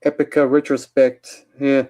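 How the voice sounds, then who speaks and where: A man with a mellow, dark-toned voice walks through his shelf of movies and shows in a loose, chatty vlog. He gives quick opinions on each title and fills his pauses with uh and um. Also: mid-range voice, flat delivery. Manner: chatty, opinionated, with many uhs while listing titles. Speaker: vlogger showing his DVD collection. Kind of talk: casual collection walkthrough.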